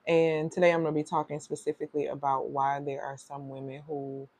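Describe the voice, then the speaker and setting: Gravelly low woman hosting a livestream. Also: monotone, fairly quick, darkish tone, dry recording. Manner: chatty, welcoming viewers with repeated greetings. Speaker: feminine leadership strategist, livestream host. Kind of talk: casual livestream chat.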